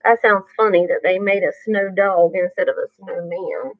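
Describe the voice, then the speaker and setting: A woman reading a bedtime story aloud to children, pausing to ask the listener questions. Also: medium pitch, steady tone, no echo. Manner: slow, asks the listener questions. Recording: muffled dry recording.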